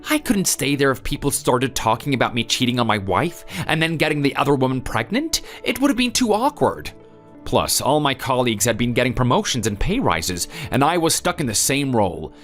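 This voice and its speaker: Man voicing a defensive husband, whiny, animated pitch, faint music. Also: brisk. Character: defensive, self-pitying young husband.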